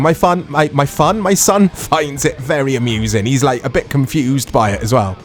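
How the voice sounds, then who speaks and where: A middle-aged man chatting casually and excitably as he comments on a retro video game he is playing, rambling and laughing often. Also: medium pitch, normal speed, hardly any pauses, faint music behind. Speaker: retro gaming YouTuber.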